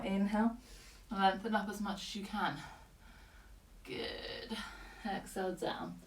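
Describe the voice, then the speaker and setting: A woman yoga teacher guiding a class with calm, breath-paced cues and short commands, slightly out of breath. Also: mid-range voice. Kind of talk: guided yoga class instruction. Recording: echoey room, voice from a distance.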